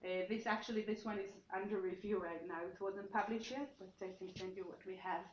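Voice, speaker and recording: A woman's voice: medium pitch, steady tone, a little fast, a little hiss or hum. Woman, seminar lecturer, explanatory, restarts as she thinks, echoey room, dull muffled sound. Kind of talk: academic seminar talk.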